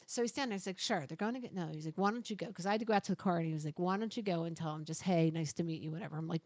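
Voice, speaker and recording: Animated middle-aged woman telling a story. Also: on the low side, racing, hardly any pauses, dry recording. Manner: animated, laughing, swears freely. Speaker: podcast co-host. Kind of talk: casual storytelling chat.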